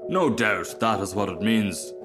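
A man's voice: lowish voice, lively intonation, measured pace, over music. A man voicing a pompous, self-pitying male firework rocket in a storybook reading, haughty and theatrical. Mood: grandly smug.

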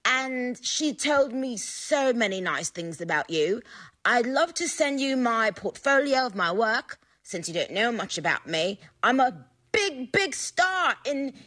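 A gushing, boastful celebrity voice in a put-on posh English accent, as a woman performs it. The pitch swoops all over and sits a bit high. The delivery is slow and drawn out. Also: big pitch swings, pushed and bright, exaggerated voice. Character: impression of pop star in posh English accent. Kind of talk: comedy prank voice message.

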